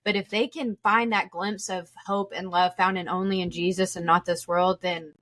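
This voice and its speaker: A woman's voice: lowish voice, level tone, normal speed, a bit bright, dry recording. A woman hosting a faith podcast, speaking in an encouraging, affirming way. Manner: encouraging, affirming, preacherly phrasing. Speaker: podcast host. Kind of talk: casual faith chat.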